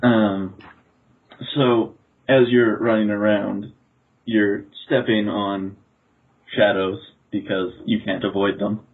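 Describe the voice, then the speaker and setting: A man narrates his part of a tabletop storytelling game, pausing often and choosing his words with care. His voice is husky and slow, and the audio comes through thin and phone-like. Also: on the low side, level tone. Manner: deliberate, with many pauses.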